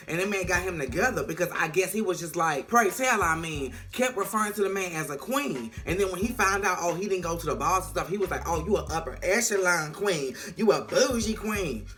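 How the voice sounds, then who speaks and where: Animated, profane vlogger recapping a show. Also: medium pitch, quick pace, few pauses, soft background music. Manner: animated, profane, slang-heavy storytelling. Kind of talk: casual TV episode recap.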